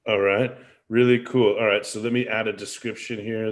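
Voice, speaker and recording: A man's voice: lowish voice, little pitch movement, moderate pace, hardly any pauses. A middle-aged man hosting a casual live stream over a video call from a rented house, chatty and digressive in an upbeat way. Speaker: host. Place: rented four-story house.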